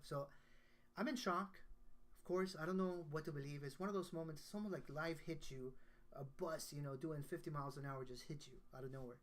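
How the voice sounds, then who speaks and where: A man's voice: fairly high pitch, brisk. A man, a guest songwriter, telling a personal story in casual conversation, earnest and emotional, often restarting his sentences.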